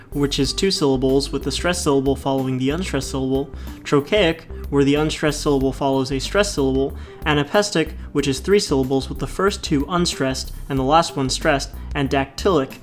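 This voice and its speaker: A man reading a school presentation from a script in a steady voice. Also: medium pitch. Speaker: student presenter. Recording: soft guitar music behind.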